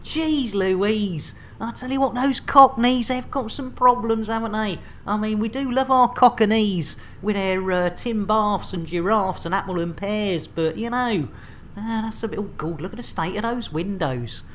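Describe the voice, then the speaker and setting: Slow, bawdy woman streamer. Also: medium pitch. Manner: bawdy, jokey banter. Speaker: game streamer host. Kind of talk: casual game-stream chat.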